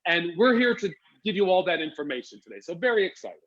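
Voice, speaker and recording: High-voiced man hosting a playful chat. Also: big pitch swings, quick pace, fairly bright tone, highs cut off. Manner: playful, camp, mock-posh put-on accent. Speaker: host. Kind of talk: casual chat.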